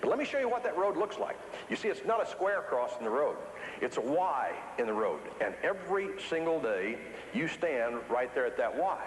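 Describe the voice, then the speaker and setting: A man from the Ozarks, giving an animated, folksy keynote speech to an audience in a large hall. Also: a little high, normal speed, slight background noise. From Ozarks, USA. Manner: folksy, animated storytelling with repetition for emphasis. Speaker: motivational speaker. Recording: echoey hall with long reverb.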